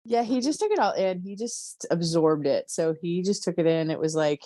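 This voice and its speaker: A woman as a therapy client, talking haltingly and repetitively through an emotional memory, with many fillers. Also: fairly low pitch, expressive, mellow, no echo. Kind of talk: emotional guided recall.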